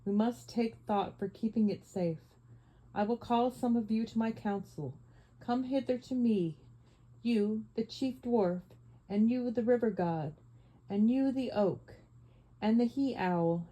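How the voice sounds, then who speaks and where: A majestic, wise male lion speaks in a slow, measured, grave way, as a woman reads him aloud. The tone is soft and mellow throughout. It suits an audiobook of a classic fantasy story. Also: fairly high pitch, rough recording. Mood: solemn. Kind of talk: audiobook reading.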